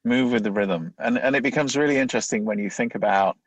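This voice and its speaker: A man's voice: medium pitch, quick pace, no room sound, poor audio. A man, a leadership coach, explaining ideas in a conversational interview, often acting out inner thoughts as quoted voices.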